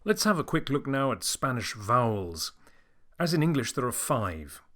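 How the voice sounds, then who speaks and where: A man teaching a beginner language lesson, modelling each word slowly and clearly for the learner to repeat. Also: mid-range voice, big pitch swings, a bit bright, faint music behind.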